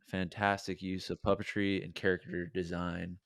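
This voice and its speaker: A man with a lowish voice co-hosting a podcast. He rambles, laughs often and teases the others. The recording is dry and close, from a remote call mic. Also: little pitch movement, moderate pace, vocal fry, fairly bright tone, dry recording. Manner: giggly, rambling teasing. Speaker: podcast co-host. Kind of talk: casual crude banter.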